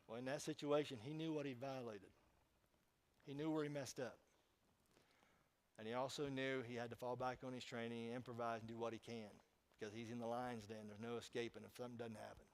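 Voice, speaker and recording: A man pastor preaching a sermon in church, telling a story with emphatic swings in loudness and speaking straight to the congregation. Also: medium pitch, fairly even intonation, a little fast, rough recording.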